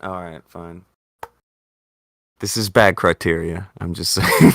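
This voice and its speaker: A man hosts a casual chat show in a deep, gravelly voice. He argues animatedly and swears freely, his pitch leaping up when he pushes back. The sound is close and dry. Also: steady tone, slow pace, pauses often, a bit bright, no room sound. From Indiana. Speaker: podcast host.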